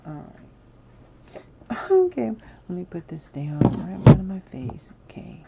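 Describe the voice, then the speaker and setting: A woman with a lowish voice, slow pace, vocal fry and huge pitch swings hosts a live game stream, heard through dull, very noisy audio. She chats casually and apologetically with viewers while building in a game, breaking into sudden exclamations.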